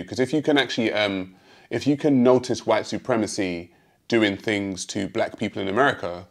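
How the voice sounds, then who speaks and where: A British man hosting a response video, speaking in a measured, calmly pointed way straight to his critic. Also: low voice. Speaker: host answering a critic. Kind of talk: direct-address response video.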